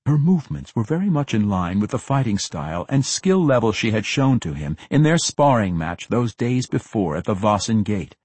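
Husky-voiced man narrating a fantasy audiobook. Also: lowish voice, normal speed, hardly any pauses, dry recording. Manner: expressive, dramatic storytelling.

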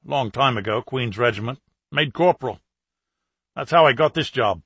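Chatty middle-aged plumber and ex-soldier, gossipy pub talk, raised pitch, husky edge, read by a male audiobook narrator. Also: moderate pace, fairly bright tone, no room sound. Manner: gossipy, talkative.

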